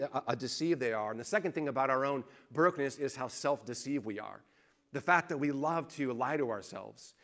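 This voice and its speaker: A man's voice: fairly high pitch, fairly bright tone. Man preaching a conversational sermon. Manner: conversational preaching, rises into emphatic storytelling. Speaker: pastor.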